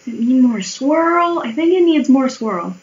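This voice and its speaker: A high-voiced American woman with lively intonation speaks at a measured pace, and the highs are cut off in the audio. She is drawing on a livestream, chatting casually, rambling, swearing and mocking herself as her voice fades.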